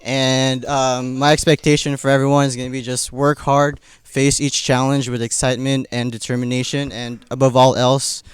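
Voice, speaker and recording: Relaxed good-humored young man. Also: mid-range voice, normal speed, few pauses, clean tone, dry recording. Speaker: engineer mentor. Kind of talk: self-introduction at an event.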